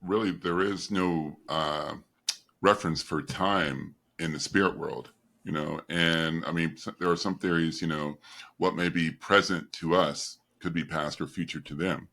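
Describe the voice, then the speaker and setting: A man's voice: sits low, fairly even intonation, unhurried, gravelly, pushed and bright. A man hosting a podcast in casual interview chat, easygoing and reflective, with lots of "you know". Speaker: podcast host.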